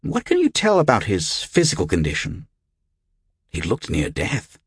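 A man's voice: on the low side, wildly swooping pitch, normal speed, breathy edge, dry recording, studio quality, full character voice. A man voicing a concerned monk healer who asks earnest questions in a storybook reading.

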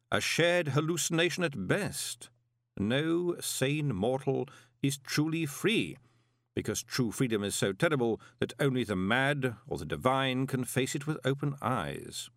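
A man voicing a cool, dry male ruler who speaks in a measured way. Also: medium pitch, no echo, pitched above the performer's own voice.

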